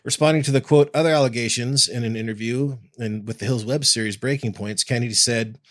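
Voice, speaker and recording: A man on a podcast reading a news story aloud and reacting with animated, swearing exclamations. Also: medium pitch, brisk.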